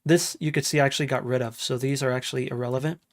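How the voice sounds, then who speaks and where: A man with a medium-pitched, steady voice talks rapid-fire while showing off his music session on a relaxed home-studio live stream. He works as he talks, hums riffs out loud, and says hello to chat.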